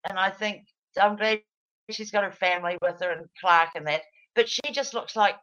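A woman's voice: medium pitch, normal speed, fairly bright tone, dull audio. A middle-aged woman, chatting in a rambling, digressive way with frequent laughs. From New Zealand. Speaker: guest, former radio presenter. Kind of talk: casual chat.

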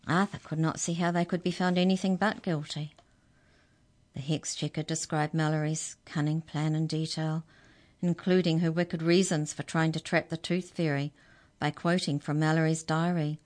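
A woman with a low voice reads a children's story aloud. Her narration is clear and expressive, and she brings the figures in smoothly. She sounds like a seasoned storyteller. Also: normal speed.

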